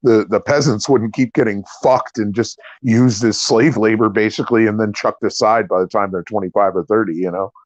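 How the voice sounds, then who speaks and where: A man's voice: fairly low pitch, steady tone, brisk, hardly any pauses, no echo. A middle-aged American man hosting a livestream, chatting in a loose, profane, rambling way. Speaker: livestream host. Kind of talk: casual chat. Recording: dull lo-fi stream audio.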